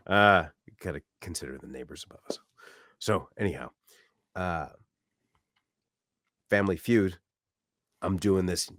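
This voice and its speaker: A man with a lowish voice tells a story on a casual podcast and keeps reenacting his own shouting. The sound is dry and close, with no room in it. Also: normal speed, pauses often, dry recording. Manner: loud, animated storyteller who acts out shouts. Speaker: podcast co-host. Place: apartment room.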